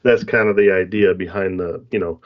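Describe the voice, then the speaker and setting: A man's voice: sits low, steady tone, fairly quick. A man co-hosting a podcast, telling a story in a laid-back casual chat and laughing often. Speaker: podcast co-host. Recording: dull lo-fi sound.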